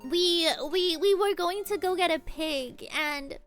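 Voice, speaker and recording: A young woman streams a game and rambles on in a very high, bright voice. She talks casually and animatedly, breaking into squeals and laughs. Faint game music plays softly underneath. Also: unhurried. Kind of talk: casual gaming stream chat.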